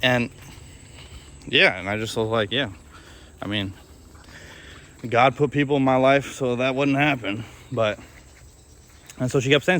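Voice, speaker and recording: A young man speaking in a personal vlog, his delivery flat and deadpan, full of restarts and trailing thoughts. His voice sits at an ordinary middle pitch, and he talks in a candid, self-reflective way. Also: moderate pace, long pauses. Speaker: video creator.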